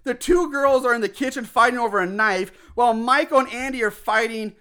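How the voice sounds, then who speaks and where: A man casually recapping a movie as a podcast co-host, excitable and profane, acting out the characters' lines. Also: very high voice, a little fast, smooth. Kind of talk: casual chat.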